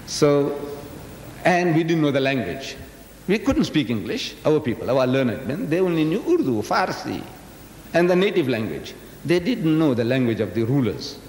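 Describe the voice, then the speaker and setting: An older South African lecturer of Indian descent speaks on Islam to a live audience in a large lecture hall, teasing in a folksy manner and regularly asking his listeners questions. His voice is fairly high, sing-song and a little mellow, at a normal speed. Slight background noise is present in this echoey 1980s live recording.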